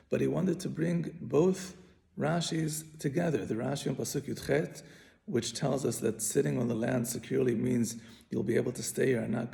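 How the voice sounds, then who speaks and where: A man's voice: medium pitch, gravelly, dark tone. A man teaching a Bible commentary lesson, patiently explaining and often repeating and restarting his phrases. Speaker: Torah teacher.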